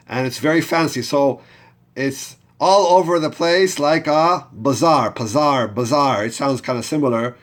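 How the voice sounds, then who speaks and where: Man, chanting-lesson teacher, patient, takes his time, repeat-after-me style. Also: mid-range voice. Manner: patient, talks learners through each step and has them repeat. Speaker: Torah reading teacher.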